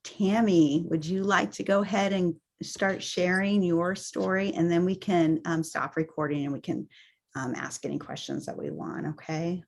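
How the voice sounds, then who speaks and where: A woman's voice: lowish voice, lively intonation, moderate pace. A woman hosting a team video call, emotional and hesitant as she thanks a speaker and introduces the next. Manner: warm, emotional, hesitant with ums. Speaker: meeting host.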